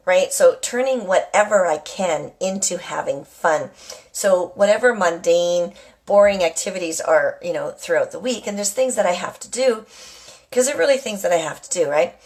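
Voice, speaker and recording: A middle-aged woman chats to her live viewers from home in a relaxed, rambling way. She hops from story to story and tags her sentences with a questioning "right?" as she goes. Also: fairly low pitch. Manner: chatty, rambling, often asks "right?". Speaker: live-stream host. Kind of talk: casual live chat to viewers. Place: at home with a kitchen nearby.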